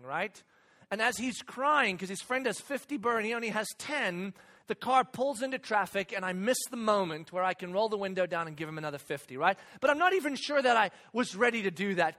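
A man's voice: sits high, bright, forceful tone. A man preaching a sermon in a conversational, storytelling way, often stopping to ask "right?" and repeating words as he goes. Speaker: pastor.

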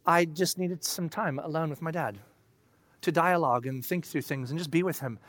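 A preacher voicing Jesus as a calm, gentle man who speaks quietly and without hurry, within a sermon. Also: fairly high pitch, normal speed, no echo.

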